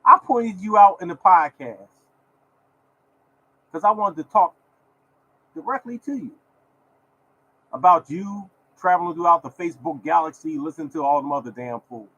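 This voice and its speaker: A man's voice: on the high side, expressive, moderate pace, long pauses, fairly bright tone, dry recording, muffled recording. A man hosting his own lottery podcast, talking in a repetitive, preachy way and scolding his listeners. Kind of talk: casual podcast rant.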